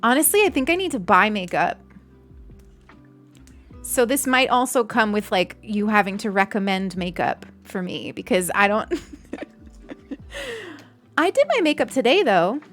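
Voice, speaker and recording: A woman's voice: mid-range voice, sing-song, a little slow, long pauses, fairly bright tone, soft background music. A young adult woman streamer chatting casually and giggling as she thanks donors on a live stream.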